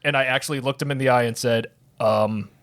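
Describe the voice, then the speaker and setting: A man's voice: medium pitch, fairly even intonation, rapid-fire, a bit bright. A man co-hosting a casual trivia podcast, telling stories with lots of restarts and laughter. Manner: rambling storyteller, many restarts. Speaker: podcast co-host. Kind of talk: casual chat.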